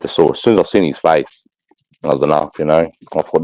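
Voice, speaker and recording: A man's voice: extremely low pitch, a little fast, warm tone, dull audio. A man telling rambling, crude war stories in casual chat, swearing constantly and laughing.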